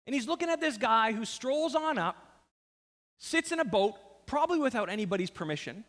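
Animated pastor with a lively voice. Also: male voice, very high-pitched, fairly quick, in a large hall. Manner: animated, conversational storytelling with jokes. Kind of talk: sermon.

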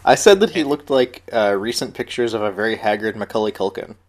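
Man, podcast co-host, low voice, wry detailed recap, casual chat. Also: lively intonation, a little fast. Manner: wry, detailed play-by-play with dry asides.

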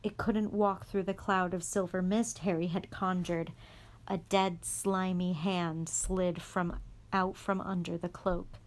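A woman reading a chapter of a storybook aloud in a calm, even voice. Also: fairly low pitch, takes it slowly. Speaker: guest reader.

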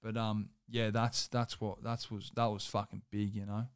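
A man's voice: lowish voice, level tone, moderate pace, clean tone, no room sound, studio quality. A young man, telling a personal story as a guest in loose, rambling casual talk full of swearing and filler words.

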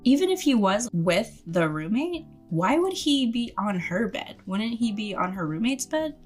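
A woman's voice: a little high, very animated, a little slow, faint music behind. A woman co-hosting a podcast, casually recapping a movie with frequent giggles and quoted lines. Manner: giggly, quotes characters in put-on voices. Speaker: podcast co-host.

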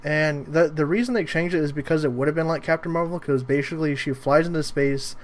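A man's voice: on the high side, quick pace. A man in a casual chat, laying out behind-the-scenes details at length and hesitating with fillers. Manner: explaining trivia at length, with frequent "uh" fillers.

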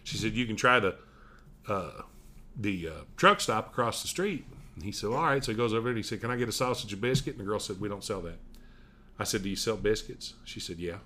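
A man's voice: on the low side, a little fast, a little hiss or hum. A middle-aged man from Tennessee with a Southern accent, telling stories in casual chat. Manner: folksy, animated storyteller.

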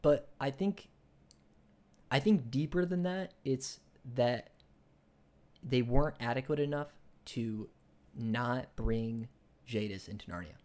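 Speaking slowly at a medium pitch, a young adult podcast co-host meanders through a book retelling. He keeps restarting and using fillers, and his energy rises whenever he argues a point.

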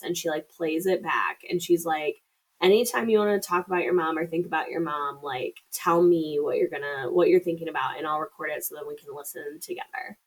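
On a rough recording, a low-voiced woman recaps a movie on her podcast. The co-host keeps it chatty, swears freely, and voices the characters' lines herself.

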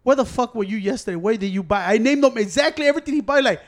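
A man with a high voice tells a story in loose, profane casual chat. He acts out his own quotes and what others said as he goes. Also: racing.

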